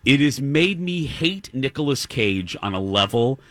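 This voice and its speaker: A man hosting a podcast, talking about movies in an animated, exasperated way. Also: medium pitch, unhurried, dry recording. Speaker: podcast host. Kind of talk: casual chat about movies.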